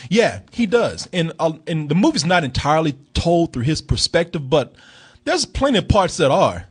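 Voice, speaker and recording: Husky, animated male film reviewer. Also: a little high, normal speed. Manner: animated, swearing, laughing. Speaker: film reviewer, podcast host. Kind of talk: casual chat.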